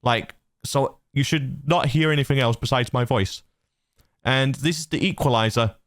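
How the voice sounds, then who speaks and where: A man's voice: medium pitch, moderate pace, no echo. A man hosting his channel, explaining his recording setup in a loose, rambling way on a dynamic studio mic. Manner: loose and rambling, lots of fillers and restarts. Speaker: channel host. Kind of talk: casual tutorial walkthrough. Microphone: dynamic studio mic through a mixer.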